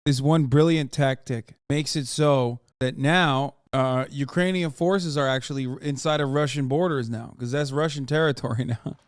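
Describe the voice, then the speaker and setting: A man hosting a live stream, reacting to news clips with animated, profane and mocking commentary. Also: medium pitch, normal speed, hardly any pauses, dry recording.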